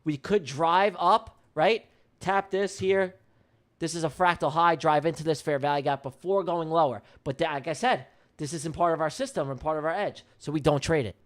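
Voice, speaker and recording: A man's voice: fairly high pitch, moderate pace. A man hosting a trading livestream who talks bluntly and heatedly, swears freely and repeats lines for emphasis. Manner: blunt, heated rant with profanity. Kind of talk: live-streamed trading commentary.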